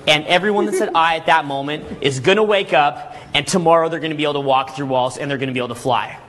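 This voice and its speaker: A man giving a live seminar lecture to a room of people, energetic and full of rhetorical questions and "okay?" checks, acting out scenes as he tells them. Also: a little high, fast. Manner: acts out scenes with vivid storytelling. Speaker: seminar speaker.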